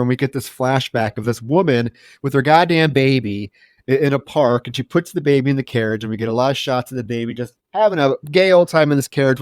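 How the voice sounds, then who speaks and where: A man's voice: mid-range voice, dry recording, clean studio sound. A man co-hosting a podcast, chatting casually and sarcastically about a film, swearing and often restarting his sentences. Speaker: podcast co-host. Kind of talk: casual film review chat.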